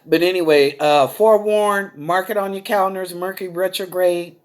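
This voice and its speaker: A middle-aged psychic talk show host speaks at normal speed in a fairly low, steady-toned voice. Choked up and close to crying, she addresses her viewers as y'all in a folksy, emotional manner.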